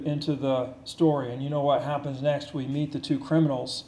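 A man preaching a sermon as pastor, earnest and repetitive, slowing words down for emphasis. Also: mid-range voice, flat delivery, dark tone, echoey room, low-quality recording.

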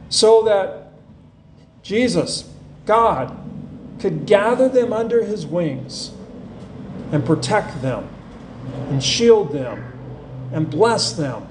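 A man preaching a sermon, earnest and unhurried, reading scripture with feeling. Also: on the high side, darkish tone, slight background noise. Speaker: pastor. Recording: echoey room with faint ambience.

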